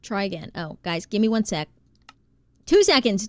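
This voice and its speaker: Streaming as she plays, a woman from New Jersey chats casually, thanks viewers and reads their messages aloud, quick to exclaim. Her medium-pitched voice swings widely in pitch, with no room sound.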